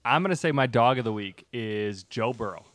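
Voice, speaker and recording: A man talking football as a guest, excitable and hung up on stats. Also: medium pitch, moderate pace. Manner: excitable, stat-focused, teasing. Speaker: podcast guest. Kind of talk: casual sports chat.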